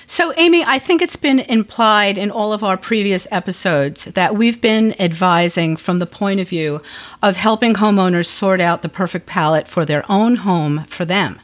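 A middle-aged woman co-hosting a podcast, explaining things in a relaxed, conversational way with small fillers. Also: medium pitch, moderate pace. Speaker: podcast co-host, color designer. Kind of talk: casual podcast chat.

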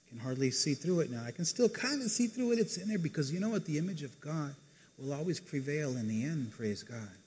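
A man preaching a casual sermon, talking conversationally to the congregation and acting out people's lines in quick asides. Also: on the high side, expressive, a little mellow, breathy edge. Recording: reverberant hall.

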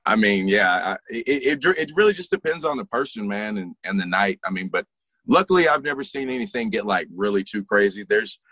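A man talking casually about his years as a bouncer, easygoing and full of fillers. His voice is bright and forceful. The sound is dry and close, with little room. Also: lowish voice, lively intonation, brisk, no echo. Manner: laid-back storytelling with frequent fillers and laughs. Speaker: interview guest, former bouncer. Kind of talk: casual conversation.

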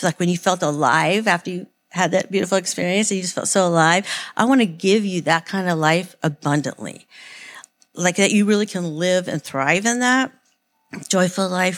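A woman giving an informal sermon, earnest and rambling, with many "like"s and restarts. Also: lowish voice. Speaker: church speaker.

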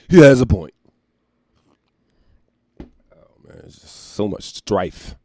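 A man hosting a solo podcast and ranting casually, profane and animated, laughing often while recording at home. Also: lowish voice, takes it slowly, long pauses, no room sound. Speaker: podcast host.

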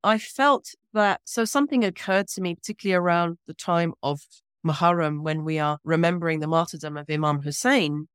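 A woman from Britain, a guest scholar speaking in a measured, earnest way with deliberate pauses in an interview. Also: fairly low pitch, clear, resonant tone, no room sound, studio quality. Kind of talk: reflective interview talk.

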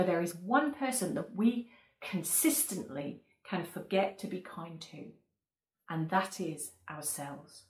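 Woman, sermon, emphatic and repetitive, lowish voice, echoey room. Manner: earnest, warm preaching with emphatic repetition. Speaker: pastor.

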